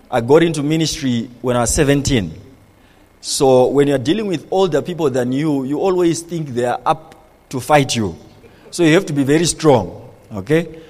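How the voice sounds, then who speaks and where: A man preaching a sermon as pastor, animated, firing rhetorical questions at the congregation. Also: mid-range voice, big-room sound.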